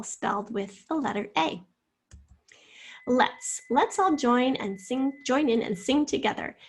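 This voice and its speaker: A middle-aged woman teaches a spelling lesson in a somewhat high, husky voice. She says each word slowly and carefully, then puts it in an example sentence. Her delivery is patient and methodical.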